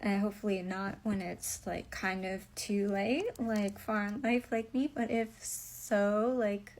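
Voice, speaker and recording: A young woman speaks slowly and haltingly, breaking off into nervous little laughs. Her voice sits in an ordinary middle pitch, and she sounds close to tears as she goes on. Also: steady tone, darkish tone. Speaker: vlogger. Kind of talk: personal story to camera.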